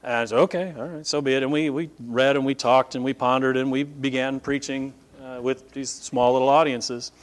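A middle-aged man preaching a sermon as pastor, telling stories with lively shifts and acting out the people he quotes. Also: medium pitch, moderate pace, hardly any pauses. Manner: animated storytelling, voices quoted speakers.

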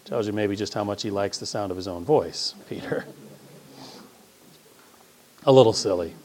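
A middle-aged man preaching a sermon as pastor, swinging between loud emphasis and hushed, quiet asides. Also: on the low side, moderate pace, a little hiss or hum.

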